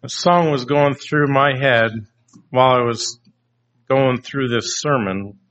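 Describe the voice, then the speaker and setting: Man, pastor, sermon, slow, questioning the congregation, muffled lo-fi sound. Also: medium pitch, a bit bright. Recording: dull lo-fi recording.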